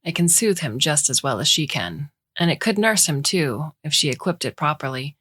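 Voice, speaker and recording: A woman narrating a short story in a measured, even way. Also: sits low, husky.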